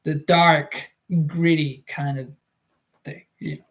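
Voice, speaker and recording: Streamer host, casual chat between chapters, rambles and restarts, mid-pitched. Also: fairly even intonation, takes it slowly, a bit bright. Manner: rambling, many fillers and restarts. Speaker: streamer reading a book aloud.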